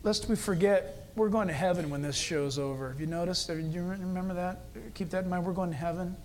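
A male pastor giving a sermon in a church, telling stories and swinging between quiet earnest talk and loud, excited preaching. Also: sits high, a little fast, slight background noise.

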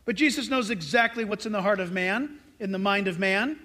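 A man's voice: high-pitched, brisk, sharp tone. A male pastor preaching a sermon, emphatic and direct, firing rhetorical questions at his congregation.

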